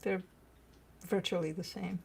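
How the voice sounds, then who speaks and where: A woman's voice: on the low side, fairly even intonation, unhurried, creaky, darkish tone, slightly rough. A woman who reads tarot, chatting casually on a live stream at home and cooing over her dogs between remarks.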